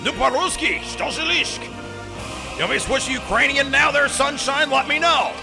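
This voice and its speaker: A man hosting a morning radio show, excitable and jokey with rapid asides. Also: very high voice, creaky, music in the background. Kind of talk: casual radio chat.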